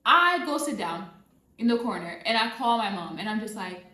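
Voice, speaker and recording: A woman telling a personal story in a casual vlog, animated, repeating phrases for emphasis, recorded near a road. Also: mid-range voice, normal speed. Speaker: vlogger. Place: near a road with passing cars. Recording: roomy sound with faint traffic noise. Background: passing traffic.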